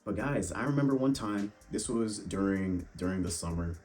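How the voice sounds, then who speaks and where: A man's voice: fairly low pitch, expressive, normal speed, darkish tone, faint music behind. A young man giving blunt, profane dating advice straight to the viewer, addressing them as bro. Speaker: fitness and dating vlogger. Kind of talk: casual monologue to camera.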